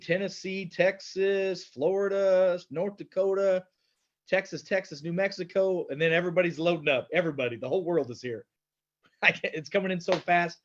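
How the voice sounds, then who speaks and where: Man, higher voice, upbeat webinar host, chatty with fillers, muffled lo-fi call audio. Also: a bit bright. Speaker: host of an online wellness workshop. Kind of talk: live webinar talk. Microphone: computer mic on a video call. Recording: dull lo-fi video call audio.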